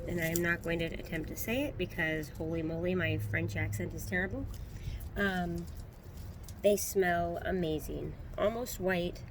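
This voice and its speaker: A woman in her thirties giving a relaxed, casual tour of her backyard garden, with frequent ums, recorded on a handheld phone outdoors. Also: on the low side, moderate pace, slight background noise. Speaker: gardening vlogger.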